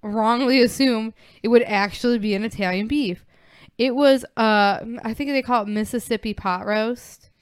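Emphatic woman from Chicago, clear voice. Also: a little high, moderate pace, no echo, clean studio sound. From Chicago area. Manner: emphatic, animated storyteller. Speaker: podcast co-host. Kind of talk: casual chat.

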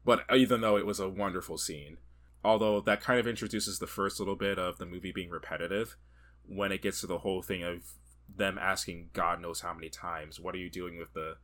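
A man co-hosting a podcast, chatting casually about a film, animated and quick to laugh. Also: low voice. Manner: animated, laughs often, acts out quotes. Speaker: podcast co-host. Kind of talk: casual movie review chat.

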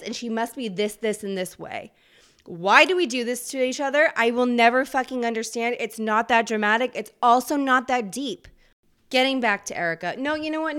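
A woman in her thirties hosting a solo podcast, ranting in a fast, profane, animated way. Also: fairly high pitch, clear, resonant tone. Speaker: podcast host.

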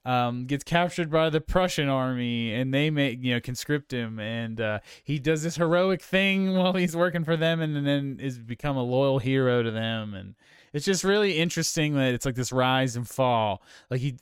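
A man's voice: medium pitch, expressive, moderate pace, smooth, no echo, clean studio sound. A man hosting a casual film discussion podcast, rambling with lots of fillers and restarts. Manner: rambling, many fillers and restarts, laughs easily. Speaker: podcast host.

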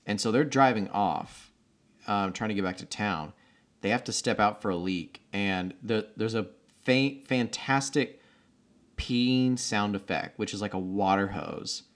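A man co-hosting a casual movie recap, joking and acting out characters in big high voices. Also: a little slow. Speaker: podcast co-host.

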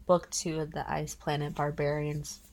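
A woman with a very low voice co-hosts a podcast from home in relaxed, casual chat. She sounds sleepy and yawns between lines, with frequent easy laughter. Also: moderate pace. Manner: sleepy, yawning, laughs often. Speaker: podcast co-host.

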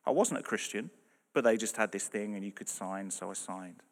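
A man preaching a sermon, earnest and emphatic, moving between loud and soft delivery. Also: lowish voice, moderate pace. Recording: long hall reverb.

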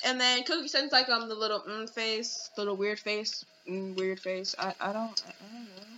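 A young woman podcast host speaks in a mid-range, steady, bright and forceful voice at a moderate pace with few pauses, the recording's highs cut off. On her casual show she rants with indignation and exasperation, reading chat messages out loud.

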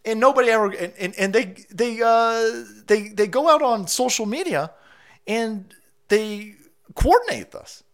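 A man ranting on a livestream, swearing freely and dripping with sarcasm. His voice sits slightly high and leaps up and down animatedly, with many restarts. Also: expressive, a little slow. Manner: profane, heated, sarcastic rant. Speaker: livestream host. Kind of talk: ranting political commentary.

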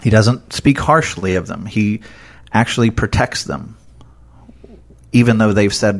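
An earnest male preacher with a somewhat low voice delivers a conversational sermon. He speaks with animated emphasis and keeps dropping in casual fillers as he works through scripture. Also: measured pace.

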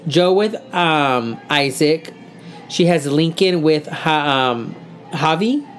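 A woman's voice: sits low, expressive, slow, soft background music. A woman co-hosting a casual podcast, chatty and rambling as she recaps news. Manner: chatty, rambling, many fillers. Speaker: co-host.

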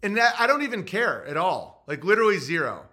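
Male podcast host, loud, rambling and mocking. Bright, tense, slightly high voice, talking over a live chat. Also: very animated, brisk. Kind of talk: livestream monologue reading chat.

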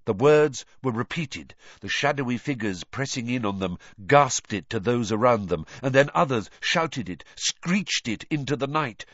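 Guy reading an audiobook, really expressive up and down voice, dry kinda muffled sound. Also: medium pitch, moderate pace, hardly any pauses, no echo. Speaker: narrator. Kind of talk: audiobook narration.

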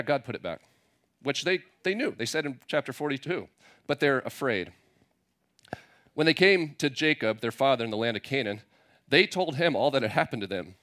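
Guy preaching a sermon, chatty and loose, reads scripture then riffs on it, medium-pitched voice. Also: a bit bright. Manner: conversational, mixes scripture reading with playful paraphrase. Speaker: pastor.

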